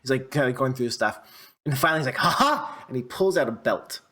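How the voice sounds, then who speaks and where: A man's voice: medium pitch, quick pace, a bit bright. A man narrating a tabletop game as game master, rambling and restarting often. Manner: rambling, with many fillers and restarts.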